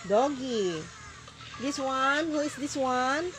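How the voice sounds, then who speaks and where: A woman's voice: high voice, slow pace, music in the background, low-quality recording. An older Filipino woman with a Filipino accent, coaxing her grandchild at home with simple questions, mixing Tagalog and English. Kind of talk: casual home video, talking to a toddler.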